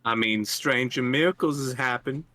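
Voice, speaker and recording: A man's voice: mid-range voice, moderate pace, pushed and bright, dry recording, close to an everyday voice. A man voicing a folksy male adventurer with a Southern US accent. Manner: drawling, folksy.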